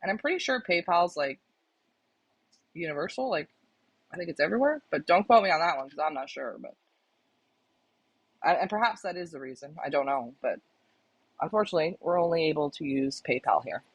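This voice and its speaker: A woman's voice: sits low, lively intonation, brisk, long pauses, husky, no room sound, poor audio. A woman hosting a live stream, chatting casually and hedging as she answers viewer messages. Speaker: live-stream host reading viewer comments.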